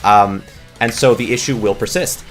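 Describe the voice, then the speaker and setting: A man's voice: on the low side, normal speed, a bit bright, soft background music. A man creating gaming videos, ranting off the cuff in a rambling, exasperated way, full of restarts and fillers. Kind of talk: off-the-cuff commentary rant.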